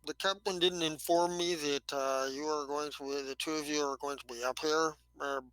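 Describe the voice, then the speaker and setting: A man's voice: fairly high pitch, fairly even intonation, moderate pace, a bit bright, smooth, dry recording, natural voice, rough recording. A man doing a curt slug-man scientist. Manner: dismissive, absorbed in his work. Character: curt male slug-person scientist and mystic.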